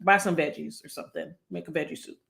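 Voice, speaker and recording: A woman's voice: sits low, steady tone, fast, creaky, fairly bright tone. A woman psychologist talking casually on a live stream, chatty and long-winded, with many fillers and an upbeat, encouraging manner.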